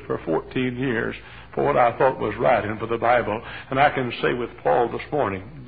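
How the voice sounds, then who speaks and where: A man preaching a sermon from his pulpit, telling a story and building to shouted fervor. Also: mid-range voice, fairly quick, creaky, husky. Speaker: pastor. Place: church sanctuary. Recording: tinny phone-like old sermon tape.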